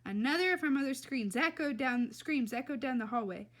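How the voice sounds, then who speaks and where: A woman reading a children's novel aloud in a lively, expressive way. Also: high-pitched, brisk. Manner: lively and expressive, laughs between passages. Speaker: reader.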